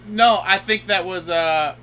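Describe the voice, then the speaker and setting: A man's voice: sits high, a little slow, bright, forceful tone, a little hiss or hum. A man co-hosting a podcast, laid-back and swearing freely. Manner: laid-back, profane agreeing. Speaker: podcast co-host. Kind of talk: casual chat.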